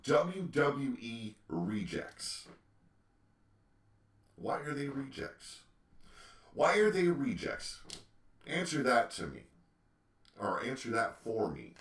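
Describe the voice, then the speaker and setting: A man's voice: medium pitch, big pitch swings, takes it slowly, pauses often, a bit bright. A man hosting a solo opinion podcast, ranting with emphatic rhetorical questions. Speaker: podcast host. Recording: echoey room, distant mic.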